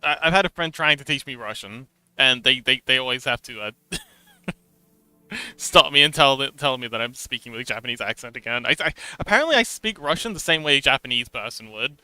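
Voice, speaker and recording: A man's voice: mid-range voice, lively intonation, fairly quick, pushed and bright, clear, resonant tone, dry recording, rough recording. A man from Hong Kong chatting casually with his livestream chat while he models an avatar, with many fillers and restarts. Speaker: VTuber streamer. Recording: dry close mic, faint background music.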